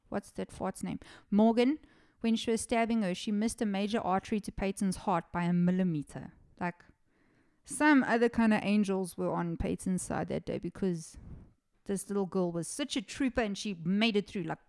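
A woman's voice: mid-range voice, a little mellow, clear, resonant tone. A woman, hosting a podcast and telling a true-crime story in a casual, chatty way, swearing often and laughing at her own sarcastic asides. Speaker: podcast host.

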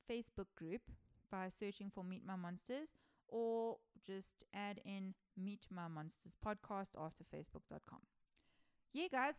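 A woman's voice: mid-range voice, smooth, dry recording. Casual young woman podcast host. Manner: casual, chatty, enthusiastic, with slang and laughter. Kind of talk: solo folklore podcast commentary.

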